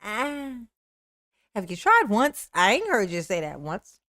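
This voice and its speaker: A woman's voice: mid-range voice, wildly swooping pitch, a little slow, pushed and bright, no echo, studio quality. A woman streaming live commentary, mocking the clips she plays, laughing often and answering her viewers' chat. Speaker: streamer reacting to court clips. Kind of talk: livestream commentary.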